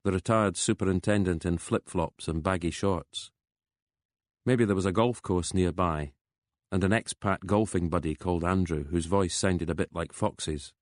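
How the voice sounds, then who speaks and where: A man narrating a crime novel audiobook in a steady, even storytelling manner on a close studio mic. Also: sits low, normal speed, no room sound.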